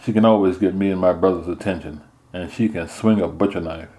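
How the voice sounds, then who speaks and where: A man narrating a first-person story in a measured storytelling manner. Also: sits low, fairly even intonation, warm tone. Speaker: audiobook narrator.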